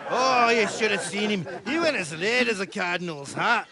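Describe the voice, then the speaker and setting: An actor playing a crude, mocking Scottish troublemaker in a game, taunting and picking a fistfight. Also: male voice, sits high, expressive, normal speed, crowd noise. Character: rowdy bawdy Scottish brawler, mocking and crude. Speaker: brawling troublemaker. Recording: game audio with music behind. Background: game music.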